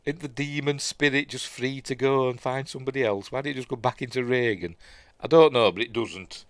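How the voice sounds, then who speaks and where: A man's voice: medium pitch, smooth, no echo. A man with a Yorkshire accent gives a casual, rambling watch-along commentary on a film, full of fillers and restarts, as host of his own show. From Yorkshire, England.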